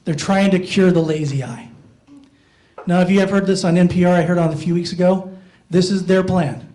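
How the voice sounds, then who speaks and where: A man's voice: high voice, steady tone, a little fast, dark tone. A middle-aged man doing stand-up comedy on a playhouse stage, with a voice he calls not very masculine, self-mocking and talking back and forth with the audience.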